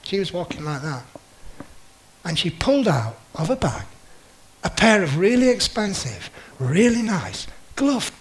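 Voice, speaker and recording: Chatty storytelling man, high voice. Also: big pitch swings, a little slow, low-quality recording. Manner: chatty, self-mocking, acts out quoted lines. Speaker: speaker giving a talk with slides. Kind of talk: personal storytelling talk.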